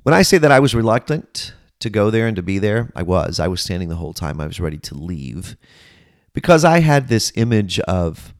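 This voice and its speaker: A middle-aged man, a pastor and podcast host, earnestly telling his personal testimony with dramatic pauses. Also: fairly low pitch, big pitch swings, dry recording, studio quality.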